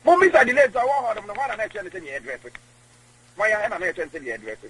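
A man, rambling in halting speech with many repeated words as an interview guest on radio. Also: high voice, big pitch swings, a crowd in the background, rough recording. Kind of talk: casual interview.

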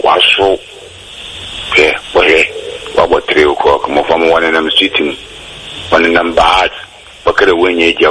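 Guy calling in, really low voice but sharp and forceful, emphatic. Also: a little hiss or hum, poor audio. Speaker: caller. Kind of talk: call-in radio chat.

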